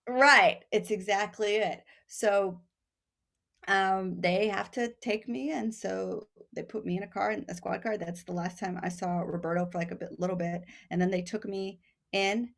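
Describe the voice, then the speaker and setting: A woman's voice: mid-range voice, moderate pace, gravelly. A woman from Texas, a podcast guest, telling a long story in casual chat, acting out the voices of the people in it and laughing often. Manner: animated, acts out quoted voices, laughs often.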